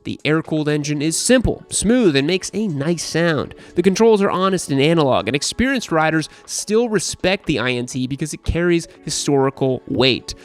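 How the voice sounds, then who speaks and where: A man's voice: fairly high pitch, animated, normal speed, few pauses. A young man hosting a motorcycle channel, reading a scripted review with wry, sarcastic humor over faint background music.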